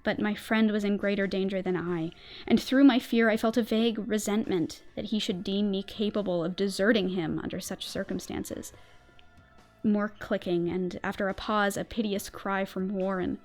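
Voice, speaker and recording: A woman's voice: medium pitch, fairly even intonation, normal speed, soft background music. Woman streamer reading horror aloud. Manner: tense, theatrical narration with swells of volume. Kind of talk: dramatic reading of a horror story.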